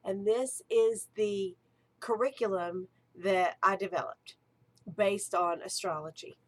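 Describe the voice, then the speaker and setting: Woman, archpriestess type, eager and chatty in a casual teaching talk, mid-range pitch. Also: steady tone, slow. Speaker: archpriestess and ritual director.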